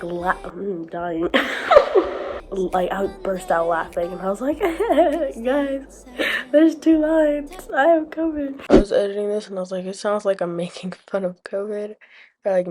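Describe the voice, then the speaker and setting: A young woman with a mid-range, slightly mellow voice vlogs casually about her week over faint music. Her throat is scratchy and sore and she coughs, but she stays chatty, laughs often, and fills her storytelling with "like".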